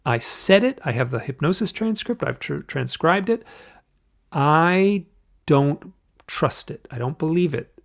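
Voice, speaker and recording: A man telling a personal story in an interview, halting and restarting often, acting out the voices of the people he quotes. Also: on the high side, expressive, gravelly. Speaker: guest.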